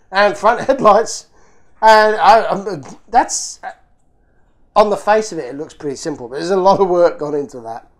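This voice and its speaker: A man hosting a toy car channel, chatting casually and excitedly as he opens fan mail, laughing often. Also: fairly high pitch. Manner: excitable, laughs often, talks to himself while opening parcels. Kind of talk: casual unboxing commentary.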